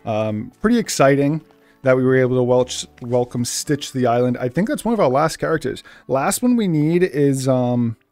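A young man with a Boston accent chats loosely over a game in a middle-pitched voice. His talk rambles and then jumps into sudden excitement. Soft game music plays faintly underneath. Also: normal speed, no room sound. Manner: rambling and chatty, with bursts of excitement. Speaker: gaming channel host. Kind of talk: casual let's play commentary.

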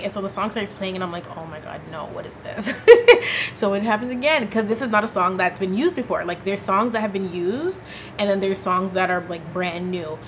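A woman vlogger telling a personal story in a lively, dramatic storytime style, with casual slang. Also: medium pitch, slight background noise. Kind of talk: storytime vlog.

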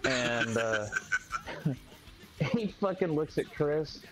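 A man's voice: on the high side, animated, slow, fairly bright tone, faint music behind, rough recording. A man streaming a game, chatting casually, laughing and swearing as he retells cartoon scenes. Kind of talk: casual chat while gaming.

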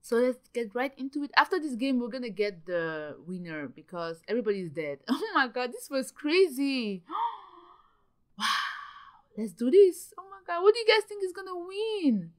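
A young woman giving casual, excitable commentary while playing a video game, gasping and exclaiming often. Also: sits high, normal speed. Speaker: gaming channel host.

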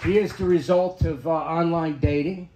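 A man's voice: on the high side, steady tone, normal speed, a crowd in the background. A man in his fifties performing a crude, self-deprecating stand-up set in a comedy club, often tagging his lines with "right?". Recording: echoey comedy club room.

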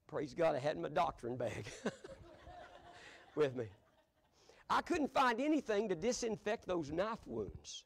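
A man's voice: fairly high pitch, sing-song, slow pace, gravelly, long pauses. An older man, a pastor telling folksy stories from the pulpit, chuckling as he goes. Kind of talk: storytelling sermon. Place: church sanctuary.

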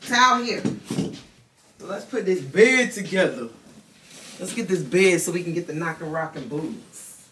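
A woman's voice: expressive, normal speed, echoey room, distant mic, a little hiss or hum. A young woman vlogging casually at home, chatting about her room and later cooing at her dog. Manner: chatty, talks baby talk to her dog in a high voice. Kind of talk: casual vlog chat.

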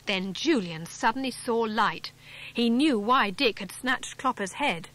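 A woman from England reading a children's adventure story aloud, clear and measured, lifting her pitch slightly for the young characters. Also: expressive, a bit bright. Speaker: audiobook narrator. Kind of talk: scripted storybook narration.

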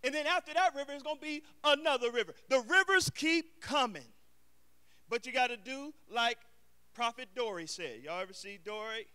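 A middle-aged man preaches a sermon to his congregation in a very high, bright, tense voice that rises to shouted emphasis. His tone is smooth and clear. He slips easily into casual street slang between his calls to the church. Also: animated, a little fast. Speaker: pastor.

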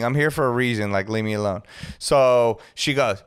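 A man telling stories on a casual podcast, animated, acting out the people in them and swearing freely. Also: medium pitch, moderate pace, clean tone. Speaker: guest DJ.

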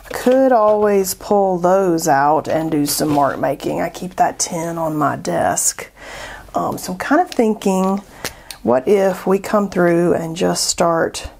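Southern woman host of an art tutorial, chatty and self-laughing, slightly low-pitched. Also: vocal fry, a little mellow, husky. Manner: chatty, thinking aloud, laughs at herself. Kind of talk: casual painting tutorial.

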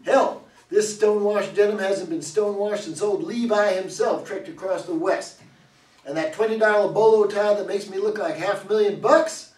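A man's voice: sits high, normal speed, a little mellow, lightly acted. An actor playing a boastful older cowboy who runs a roadside museum, talking in a hammy, folksy salesman's drawl at a reader's theater stage reading. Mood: cocky, folksy. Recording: echoey hall from far off.

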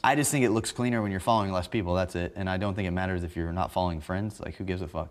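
A young man talking quickly and profanely, defending himself in a heated video statement. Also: mid-range voice.

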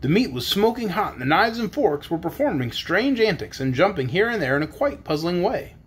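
A man narrating a children's storybook in a measured, expressive way. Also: high-pitched, husky. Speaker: audiobook narrator.

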